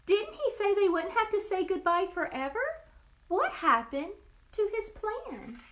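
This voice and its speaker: Bewildered storybook followers, high incredulous questions as a woman reads them. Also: very animated, unhurried, slight background noise, full character voice.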